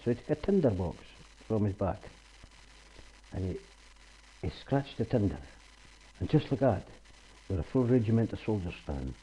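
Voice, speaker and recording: A man telling a traditional folk tale aloud in a homely, unhurried way. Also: fairly low pitch, sing-song, dark tone, slightly rough, low-quality recording. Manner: homely, unhurried, repetitive "he says". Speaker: storyteller.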